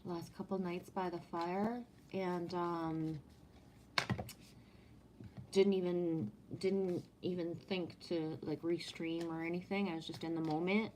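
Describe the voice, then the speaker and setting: A woman's voice: fairly low pitch, little pitch movement, slow pace, background noise. A woman with a French accent chatting casually on a live stream, greeting viewers by name and reading from oracle cards.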